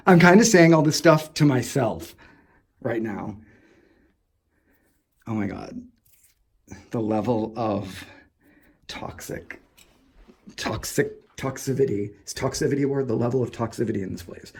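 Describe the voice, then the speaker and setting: A man, vlogging while exploring an abandoned asylum indoors, gushing excitedly, swearing and rambling to himself. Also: mid-range voice, slightly rough. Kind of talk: casual explore vlog, talking to camera.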